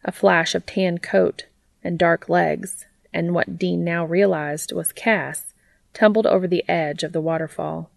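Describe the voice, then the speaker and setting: Gravelly-voiced woman reading fiction. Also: lowish voice, steady tone, unhurried, dry recording. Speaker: audiobook reader.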